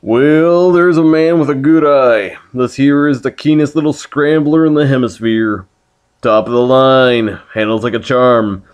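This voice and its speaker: A man's voice: mid-range voice, a little slow, clear, resonant tone, highs cut off, natural voice. A man voicing a brash male used-spaceship salesman in a folksy cowboy drawl for a video game playthrough. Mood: salesy.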